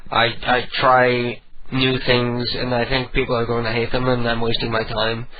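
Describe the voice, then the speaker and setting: A man's voice: mid-range voice, monotone, normal speed, over a noisy crowd. Rambling, self-deprecating radio host, man. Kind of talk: casual radio talk. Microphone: home phone and studio mic setup. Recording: dull lo-fi internet radio audio.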